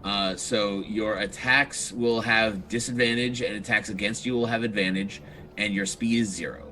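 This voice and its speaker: A man's voice: on the low side, fairly even intonation, normal speed, bright, forceful tone. A man narrating as game master of a tabletop game, explaining rules in an easygoing way with plenty of fillers.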